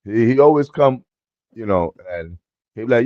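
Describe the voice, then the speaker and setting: A man chatting as a guest on a livestream, slangy and animated, telling stories and acting out dialogue. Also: mid-range voice, normal speed, no room sound, highs cut off. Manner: excited storyteller, slangy, acts out dialogue. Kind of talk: casual livestream chat.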